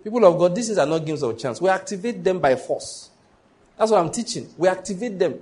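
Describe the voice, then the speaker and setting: Pastor preaching, emphatic, repeats himself, asks the crowd stuff, voice a bit high. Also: male voice, lively intonation, normal speed, pauses often, darkish tone. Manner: emphatic, storytelling, repetitive, call-and-response. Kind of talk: sermon.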